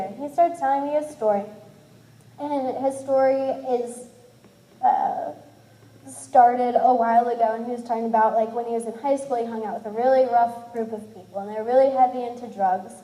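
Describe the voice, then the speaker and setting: A woman in her twenties tells a personal story in a candid, self-deprecating way, slipping into the voices of the people she describes. Her voice sits a bit high and sounds mellow rather than bright. It is recorded in an echoey room. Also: fairly even intonation, moderate pace. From Cincinnati, USA. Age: 20s. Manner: candid, self-deprecating, acts out others' lines. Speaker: speaker sharing her testimony.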